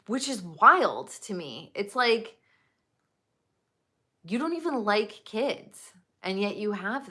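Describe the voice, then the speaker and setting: Female livestream host with a sharp, bright tone and an unhurried pace. Rambling and opinionated, heavy on the fillers. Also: a little high. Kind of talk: casual chat.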